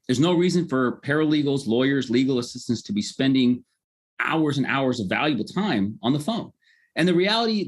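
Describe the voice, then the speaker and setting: A middle-aged man speaks in a mid-pitched, ordinary voice as a podcast guest. He explains things step by step in an upbeat, conversational manner, often ending points with a quick "right?". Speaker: legal tech founder, guest.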